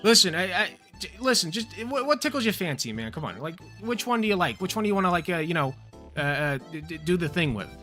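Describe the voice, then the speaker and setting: A man's voice: high voice, sing-song, quick pace, soft background music, exaggerated voice. A man voicing God as a pushy, crude, overeager male deity in a livestream stand-up bit. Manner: loud, hyped salesman patter with swearing.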